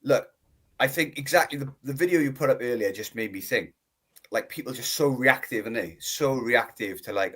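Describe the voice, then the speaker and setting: A man's voice: mid-range voice, animated, brisk, fairly bright tone. A man with a Welsh accent from the South Wales valleys calls in to a fan show and chats in an easygoing, rambling way, full of "like". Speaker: caller. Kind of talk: casual call-in chat.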